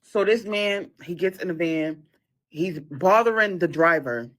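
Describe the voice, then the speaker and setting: A woman in a played clip, telling a story casually in an animated, laughing, dramatic way. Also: fairly low pitch, measured pace.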